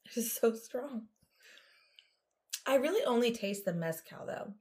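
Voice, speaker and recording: A woman co-hosting a casual podcast with her mother, chatty and quick to laugh while she sets up a true crime story. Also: on the high side, lively intonation, a little mellow. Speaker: podcast co-host; daughter of co-host, telling a true crime story. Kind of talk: casual chat.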